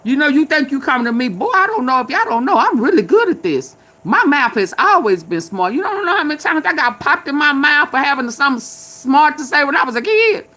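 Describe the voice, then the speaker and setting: Bright-voiced, blunt older woman. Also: sits high, very animated, fairly quick, hardly any pauses. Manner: blunt, sassy and preachy, with repeated phrases. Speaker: commentary vlogger. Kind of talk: casual opinion commentary.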